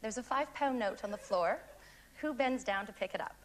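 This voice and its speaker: Woman with a Canadian accent, game show contestant, friendly, fast talker, slightly high voice, faint noise. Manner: friendly, tells a joke with confident timing. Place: TV studio. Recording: noisy 1990s TV broadcast.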